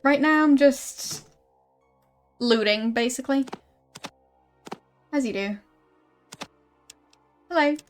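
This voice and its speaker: A young woman streaming a game, chatting in a relaxed way and greeting viewers. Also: high voice, slow, long pauses, faint music behind.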